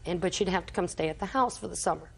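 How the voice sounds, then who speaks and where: A woman's voice: fairly low pitch, fast talker, vocal fry, breathy edge. Older woman testifying in court. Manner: long storytelling, acts out quoted dialogue. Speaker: litigant in small claims court.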